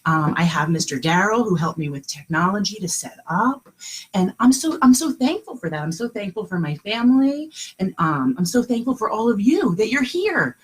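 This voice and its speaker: A woman kindergarten teacher giving a live lesson from home, talking in a sing-song, encouraging way and slowing down to sound out words. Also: mid-range voice, sing-song, a little hiss or hum, low-quality recording. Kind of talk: live online lesson for young children.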